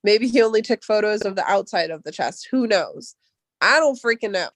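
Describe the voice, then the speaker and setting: A woman's voice: mid-range voice, lively intonation, moderate pace, no echo. Chatty woman on a dry call mic. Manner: chatty, rambling, many fillers. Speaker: livestream host. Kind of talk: casual group call chat. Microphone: online voice call.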